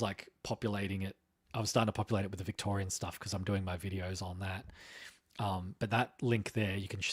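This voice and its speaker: A man's voice: deep voice, dry recording, clean studio sound. A man from Australia hosting a casual political live stream, rambling as he reads out chat comments.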